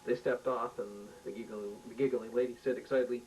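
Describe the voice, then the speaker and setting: A man reading a homemade science fiction story aloud, haltingly and with restarts, recorded at home from a distance with a faint rumble. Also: fairly even intonation, darkish tone. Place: home room.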